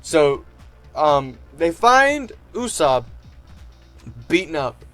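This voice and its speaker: A man talks through his favorite story arc in a loose, rambling way, padding every thought with fillers. His voice sits a little high for a man, and he gushes like an eager fan. Faint music plays quietly underneath. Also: extremely slow. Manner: excitable fan gushing. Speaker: anime reviewer. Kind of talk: casual retrospective chat.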